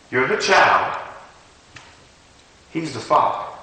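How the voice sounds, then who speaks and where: A man's voice: medium pitch, animated, moderate pace, pushed and bright. A man preaching a sermon, talking animatedly and conversationally, often stopping and restarting his sentences. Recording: echoey hall from far off.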